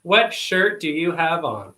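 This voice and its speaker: Bubbly, sassy drag co-host. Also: male voice, fairly high pitch, big pitch swings, slow, bright, forceful tone, reverberant. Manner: bubbly, sassy, party mood. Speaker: co-host of a drag review show. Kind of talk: casual live-stream chat.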